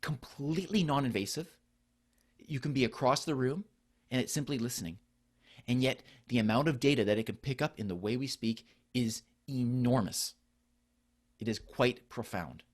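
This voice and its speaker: A man's voice: mid-range voice, moderate pace. A middle-aged man, a physician, giving an earnest conference presentation that explains ideas through rhetorical questions.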